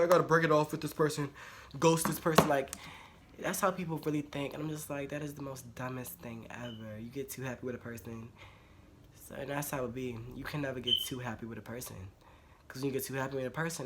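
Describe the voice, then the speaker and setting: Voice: mid-range voice, background noise. A vlogger giving casual relationship advice straight to camera, talking bluntly and repeating phrases for emphasis, with slang and swearing. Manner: informal slangy speech with swearing.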